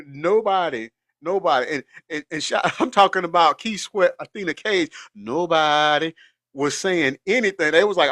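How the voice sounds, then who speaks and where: A man's voice: high voice, normal speed, no echo. A man hosting a casual reaction show, laughing hard, teary and sniffling as he talks to his viewers. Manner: laughing hard, animated, chatty. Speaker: host.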